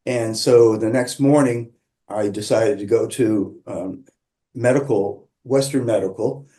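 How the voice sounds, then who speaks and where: A man calmly telling a personal story, measured and reflective, with pauses and restarts. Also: on the low side. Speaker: qigong practitioner sharing his story.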